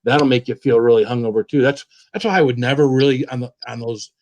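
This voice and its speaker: A man hosting a casual live stream, greeting viewers one by one by name in a relaxed, chatty way. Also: medium pitch, quick pace.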